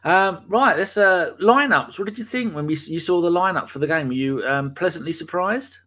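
A man with a high-pitched, sharp voice speaks fairly quickly while hosting a casual live podcast stream. Between bits of banter and the odd swear word, he reads viewers' names out loud from the chat.

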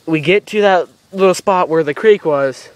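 A young man in an amateur outdoor video drama, excitable and swearing as he plans aloud in the woods. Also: high voice, normal speed, clear, resonant tone. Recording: outdoor camera mic with faint noise.

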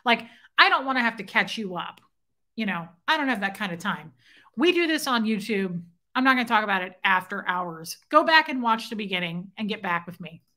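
A woman hosts a casual livestream from home, animatedly retelling a story and thanking viewers by name. Her medium-pitched voice is expressive, brisk, pushed and bright.

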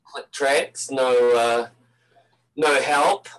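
An older man from New Zealand with a New Zealand accent softened by years in Canada, a guest musician talking in a hesitant, easygoing way with many pauses. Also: medium pitch, steady tone, low-quality recording. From Napier, New Zealand. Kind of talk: casual interview.

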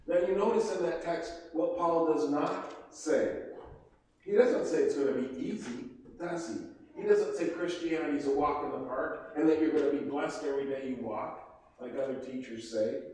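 A male pastor preaching to his congregation, full of rhetorical questions. His voice is mellow and dark, with a slightly raised pitch. It rings through a large church hall, picked up from some distance with faint room ambience. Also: normal speed, slight background noise. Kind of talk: sermon. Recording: echoey hall from far off.

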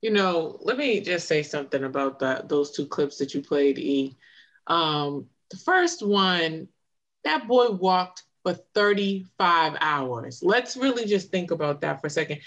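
A woman co-hosting a podcast discussion, animated and indignant, acting out the exchanges she retells. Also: sits low, measured pace. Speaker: podcast co-host. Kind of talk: casual discussion.

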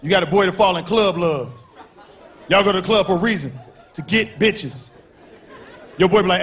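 A man doing a stand-up comedy routine on stage, talking in an animated way and acting out characters in quick voices. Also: high-pitched. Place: comedy club stage before a live audience. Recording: live show with crowd laughter and faint noise.

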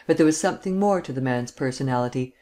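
Male audiobook narrator, steady literary reading, classic mystery. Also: medium pitch, fast talker.

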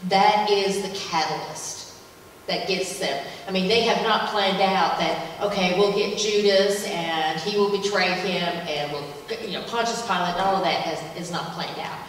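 A woman's voice: medium pitch, fairly even intonation, normal speed. A woman teaching a Bible passage during a church service, chatty and enthusiastic, with plenty of fillers. She is heard from a distance in a big echoing hall with a long reverb and faint room noise. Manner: conversational and enthusiastic, with many fillers. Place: church sanctuary. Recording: echoey hall from far off.

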